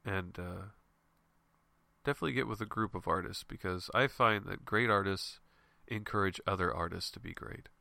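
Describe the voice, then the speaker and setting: This low-pitched man speaks at normal speed with vocal fry and a pushed, bright quality, recorded with no room sound. He's a comic artist hosting a show while stuffed up from a head cold. His casual motivational monologue to fellow artists is loose and frank, full of laughs and mild swearing.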